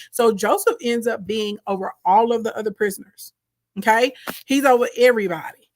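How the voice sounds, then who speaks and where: High-voiced woman telling a Bible story. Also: moderate pace. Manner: lively, slangy, addresses listeners as girl and baby. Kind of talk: humorous Bible retelling.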